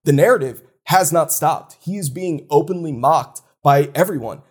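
A man co-hosting a casual chat, animated and opinionated, getting worked up for fun. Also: a little high, moderate pace, breathy edge. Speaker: co-host.

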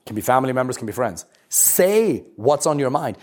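Coaching a live group on relationships, a man speaks bluntly, swears freely and stresses his points with lively, emphatic energy. His voice is mid-range at a normal speed.

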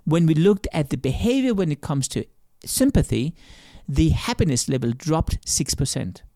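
Interviewed about his work as an author, a man tells stories and acts out quotes to explain his ideas, often repeating words and restarting sentences. He sounds a little high and very animated, with a dark tone at a moderate pace. The audio is clean studio sound with no echo.

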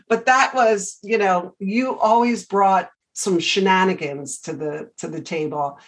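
A middle-aged woman hosting an interview podcast, telling animated stories in a chatty, casual way. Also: medium pitch, a little slow, few pauses, low-quality recording. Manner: chatty storyteller, animated anecdotes. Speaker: podcast host.

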